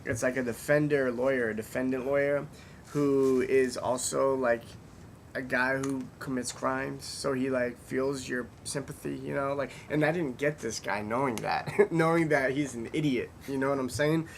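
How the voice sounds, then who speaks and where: A man hosting a casual podcast chat, telling stories in a blunt, profane, animated way. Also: moderate pace, gravelly. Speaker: podcast host. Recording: faint rumble and background noise.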